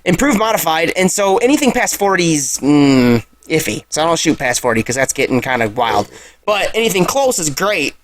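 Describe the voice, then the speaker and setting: A man's voice: fairly high pitch, normal speed. A man co-hosting a casual podcast in a barn, telling a hunting story with lots of swearing and acted-out reactions. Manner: animated storyteller, swears freely, acts out his own reactions. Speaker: podcast co-host.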